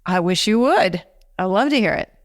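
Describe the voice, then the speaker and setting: A woman hosts a podcast interview, her questions coming in a hesitant, encouraging way. Her voice sits at a middle pitch and sounds dry and close, with no room sound. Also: animated, normal speed, no echo. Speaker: podcast host. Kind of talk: interviewing a guest.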